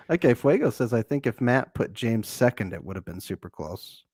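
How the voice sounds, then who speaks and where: A man's voice: medium pitch, sing-song, normal speed, darkish tone, slightly rough, dry recording, clean studio sound. A man co-hosting a recap podcast in casual chat, laid-back and joking, laughing often. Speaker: podcast co-host.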